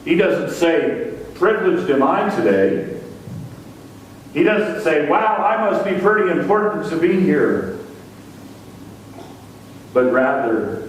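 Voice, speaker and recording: A male pastor delivers a sermon from a distance in a church sanctuary. His voice echoes strongly through the room, with a faint hum of ambience behind it. He lifts his pitch and stresses the words he repeats. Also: sing-song, takes it slowly, long pauses. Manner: preaching with rising emphasis on repeated words. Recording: echoey church hall from far off.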